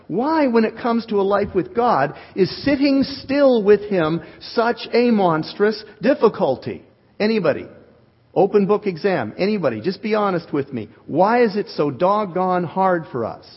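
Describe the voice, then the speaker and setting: A male pastor preaching an animated sermon, joking with his congregation. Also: high-pitched, normal speed, breathy edge. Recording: dull recording in a reverberant hall.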